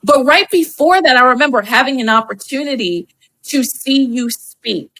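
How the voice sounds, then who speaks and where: Bright-voiced, effusive woman guest. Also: sits high, moderate pace. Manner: effusive and animated, laughs often. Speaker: podcast guest, wedding professional and speaker. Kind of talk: casual podcast conversation.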